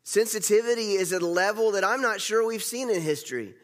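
A man's voice: high voice, brisk. A male pastor giving a conversational sermon, repeating phrases for emphasis. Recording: long reverb of a large hall.

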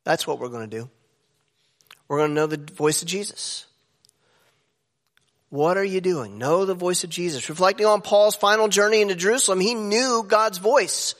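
A man preaching a sermon as pastor, animated and jumping up in pitch for emphasis. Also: moderate pace, pauses often. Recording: echoey hall with long reverb.

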